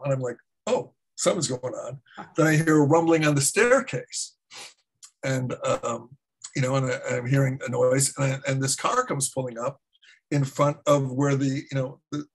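Middle-aged male martial arts teacher, husky voice, loose meandering storyteller. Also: medium pitch, poor audio. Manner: rambling, many fillers and restarts. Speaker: martial arts instructor and guest. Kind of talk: casual anecdote storytelling.

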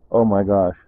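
An older man vlogging casually at home, excitedly showing his tomato plants and repeating exclamations, filmed on a camera held close. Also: lowish voice, no room sound. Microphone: phone camera held close. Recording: dry tinny phone-like audio.

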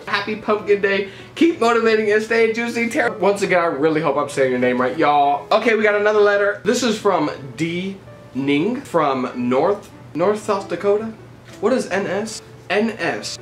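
Chatty vlogger with a lively, swooping delivery, recorded in a roomy space over faint music. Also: medium pitch, normal speed. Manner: excitable, gushing, chatty. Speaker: art vlogger. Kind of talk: casual chat to camera.

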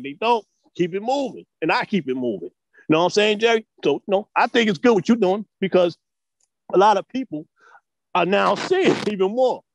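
A man from the US East Coast, a martial arts teacher, speaks casually in an interview, animated and profane, peppering his talk with street slang and "you know what I'm saying." His voice is high-pitched, and there's no echo.

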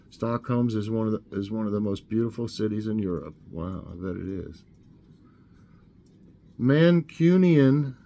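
A man hosting a casual trivia show, reading questions aloud and thinking out loud as he guesses. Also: on the low side, creaky. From Tennessee. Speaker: host.

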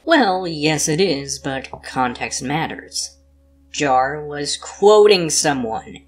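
Slow deadpan commentator with terse rebuttals. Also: mid-range voice, a little hiss or hum. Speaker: reaction commentator. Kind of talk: dry commentary.

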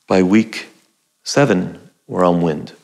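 Gravelly low-voiced man telling a story. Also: takes it slowly, darkish tone. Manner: conversational storyteller, acts out his own past lines. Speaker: acting teacher. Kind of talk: personal anecdote told to camera.

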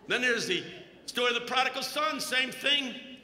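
A man's voice: very high-pitched, moderate pace, background noise. A man preaching a humorous sermon at a conference, telling stories with jokes in an echoey hall. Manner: joking, animated storytelling. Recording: echoey hall, long reverb.

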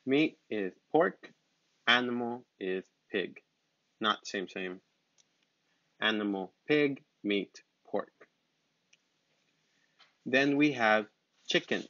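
A man teaching basic English vocabulary, speaking slowly with simple words and repeating each word patiently. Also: lowish voice, pushed and bright, dry recording. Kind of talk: slow, simple vocabulary lesson. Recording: dull, lo-fi sound.

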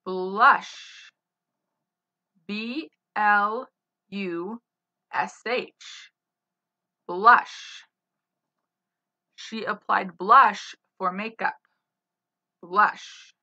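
A woman teaching spelling, saying each word slowly, spelling it letter by letter and using it in a sentence. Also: mid-range voice, sharp tone. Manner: spells words letter by letter, then gives example sentences. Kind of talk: slow dictation of spelling words. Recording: slightly dull lo-fi sound.

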